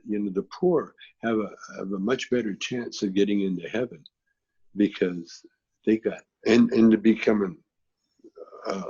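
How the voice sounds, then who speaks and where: Gravelly, laid-back male storyteller. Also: fairly low pitch, darkish tone, dull audio. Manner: laid-back, frequent filler phrases. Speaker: guest, actor and comedian. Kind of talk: rambling interview storytelling.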